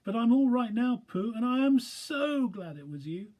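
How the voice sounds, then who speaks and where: A man voicing a tiny, timid young male piglet with a squeaky, nervous voice, in a storybook reading. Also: big pitch swings, normal speed, dark tone, heavily acted. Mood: anxious.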